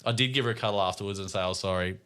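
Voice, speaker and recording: An Australian man in his thirties tells stories about his kids on a casual podcast. He drops dry, wry asides, and he speaks in a lowish voice with a bright, forward tone. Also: very fast, clean tone. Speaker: podcast co-host. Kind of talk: casual chat.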